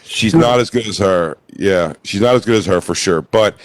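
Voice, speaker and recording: A man's voice: sits low, normal speed, no echo. A man co-hosting a comedy talk show, riffing casually and profanely while mocking people in a story. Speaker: comedy podcast co-host.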